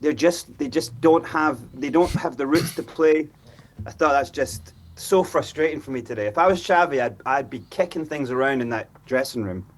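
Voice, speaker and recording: A high, husky-voiced man talks football on a fan panel. He is animated and mimics players' voices as he makes his points. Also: normal speed. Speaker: fan pundit. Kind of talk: football fan show discussion.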